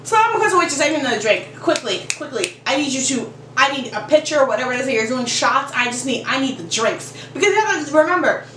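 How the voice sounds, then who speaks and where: A young woman vlogger telling a story in a casual, animated way, full of "like" and quick asides. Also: high voice, echoey room, far from the mic, background noise.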